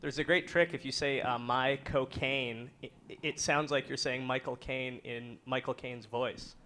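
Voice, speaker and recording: A man moderates a fan Q&A at a convention. He keeps things moving briskly and throws in a joke now and then. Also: mid-range voice, level tone, fairly bright tone, a little hiss or hum. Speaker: panel moderator. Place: convention hall.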